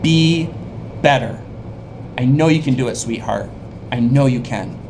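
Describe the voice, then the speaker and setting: A man voicing a tender mother who whispers a gentle farewell to her son. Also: medium pitch, a little slow, background noise, natural voice. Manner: soft, whispered.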